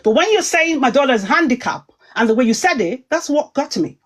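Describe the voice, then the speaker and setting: Woman, heated online commentator, emphatic and rambling, a touch high-pitched. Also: expressive, brisk. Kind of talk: heated livestream talk.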